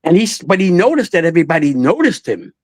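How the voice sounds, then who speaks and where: A veteran singer in his eighties, guesting in a storytelling interview, speaks at a quick pace in a slightly high voice with no echo. He's lively, acting out voices and laughing often.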